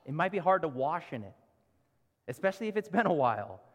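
A pastor with a fairly high, very animated voice preaches quickly in a reverberant church sanctuary. Earnestly, he puts pleading rhetorical questions to his congregation.

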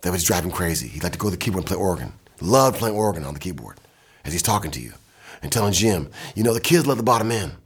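Husky deep-voiced older man telling stories. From Michigan, USA. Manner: animated anecdotes, quick bursts, mimics and scats. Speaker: music producer. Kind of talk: storytelling in casual talk. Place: indoor recording studio.

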